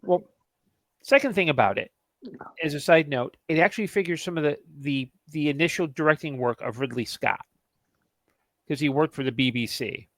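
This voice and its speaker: A man's voice: on the high side, moderate pace, fairly bright tone, no echo, poor audio. A man co-hosting a podcast in casual chat about old TV shows, rambling with many restarts and asides. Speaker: podcast co-host.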